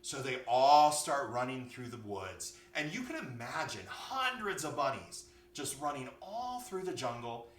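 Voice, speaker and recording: A man, a yoga teacher, telling an animated story for children. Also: mid-range voice, measured pace, few pauses. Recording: echoey room, far from mic, faint hum.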